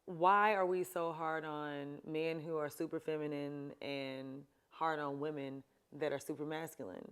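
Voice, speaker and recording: A woman with a low, smooth voice hosts a casual advice show. She talks straight to her viewers in a chatty, emphatic way and laughs easily along the way. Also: fairly even intonation, unhurried, few pauses, a bit bright. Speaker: show host. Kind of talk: casual advice talk to camera.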